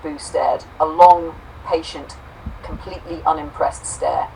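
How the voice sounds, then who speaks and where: A woman co-host reading a homespun robot story aloud, saying the quote marks out loud, then reflecting warmly on it. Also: deep voice, steady tone, unhurried, gravelly, recorded from a distance, slight background noise, poor audio. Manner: warm, affectionate, reads quote marks aloud.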